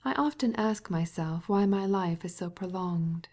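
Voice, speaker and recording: A woman's voice: on the low side, a little slow, darkish tone. A woman reading an audiobook, voicing a pious, cross invalid lady.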